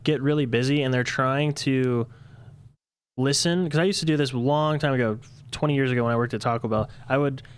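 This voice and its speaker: Smooth-voiced male co-host, relaxed. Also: medium pitch, brisk. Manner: relaxed, anecdotal, short acknowledgments. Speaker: podcast co-host. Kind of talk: casual chat.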